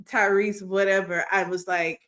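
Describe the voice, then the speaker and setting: Brief: woman co-host, playful quick-witted banter, middle-pitched voice. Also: level tone, a bit bright. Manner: joking, quick bursts of commentary. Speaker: podcast co-host. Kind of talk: casual chat.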